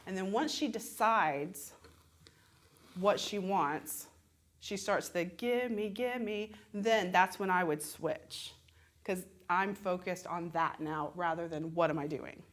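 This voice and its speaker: A woman with a Southern American accent and a fairly low, fairly bright voice gives musical theatre audition tips. She keeps it chatty and conversational, laughing often and acting out examples.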